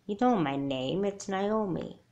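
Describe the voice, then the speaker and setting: A woman's voice: mid-range voice, lively intonation, measured pace, darkish tone, dull audio. A woman voicing a wary, earnest young girl doll in a homemade doll movie, who speaks bluntly. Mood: guarded.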